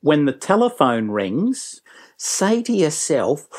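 A man's voice: mid-range voice, expressive, normal speed, a little mellow. An enthusiastic man, a business trainer telling jokey stories as an interview guest. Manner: enthusiastic, jokey, puts on voices.

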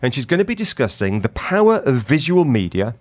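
A man hosts a breakfast radio show in a casual, chatty way, laughing easily between stories. His voice sits at an ordinary middle pitch. The studio mic sounds dry and close. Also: sing-song, a little fast, dry recording.

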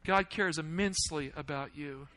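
A man preaching a sermon, asking the congregation questions and swinging between loud, urgent lines and hushed ones. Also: on the high side, moderate pace, rough recording. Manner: asks the audience questions.

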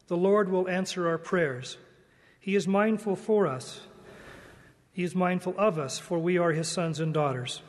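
A man giving a devotional church talk in a slow, earnest, measured way. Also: high-pitched, big-room sound. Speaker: church speaker.

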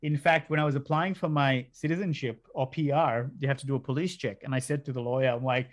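A middle-aged man telling a story in casual chat. He is animated, swears freely and acts out what other people said. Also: medium pitch, fast, hardly any pauses. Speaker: podcast guest telling a story.

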